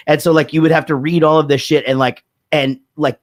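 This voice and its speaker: A man's voice: a little high, steady tone, fairly quick, hardly any pauses, dry recording, clean studio sound. A man from Texas talking casually as a podcast host, candid and profane, rambling with many restarts. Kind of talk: casual chat.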